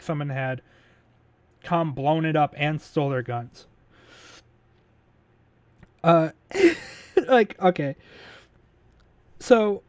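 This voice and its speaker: A man's voice: a little high, dry recording. A man casually recapping a movie plot as a podcast host, rambling with lots of fillers, swearing and laughing as he goes.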